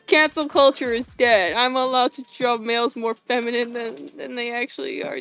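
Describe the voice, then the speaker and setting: Young woman streaming while she draws, high voice, giggly and rambly, faint music behind. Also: quick pace, few pauses, fairly bright tone. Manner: rambling, giggly, lots of fillers and restarts. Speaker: animation streamer. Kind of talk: casual livestream chat while drawing.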